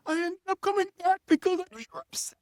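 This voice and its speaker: A man's voice: very high-pitched, lively intonation, brisk, no room sound, studio quality, pitched above the performer's own voice. A man putting on a whiny, pleading young girlfriend. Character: upset young woman girlfriend, clingy and tearful.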